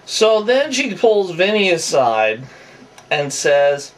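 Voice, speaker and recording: A man's voice: sits high, sing-song, slow, far from the mic. A man giving off-the-cuff, opinionated commentary that rambles with asides and restarts.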